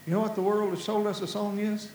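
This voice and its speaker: A man with a Kentucky Appalachian accent preaches in a high, lifting voice, full of feeling and prone to halting restarts. The sound is roomy and echoing, with a faint hum underneath. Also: level tone, darkish tone. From Kentucky, USA. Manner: impassioned, halting, repeats words and restarts, voice rises with feeling. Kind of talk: passionate sermon-style talk.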